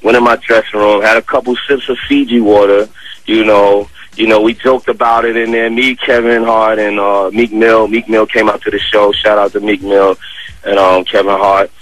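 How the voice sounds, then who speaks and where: Radio guest, New York man, animated storyteller, slangy, dry studio sound. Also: on the low side, moderate pace, no echo, poor audio. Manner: animated, conversational, heavy with fillers and slang. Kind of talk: casual storytelling interview.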